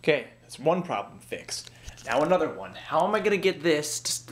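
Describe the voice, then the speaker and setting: A man's voice: on the high side, very animated, normal speed. Rambling young man vlogging at home. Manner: rambling, self-mocking, chatty. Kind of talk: casual daily vlog. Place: indoors at home.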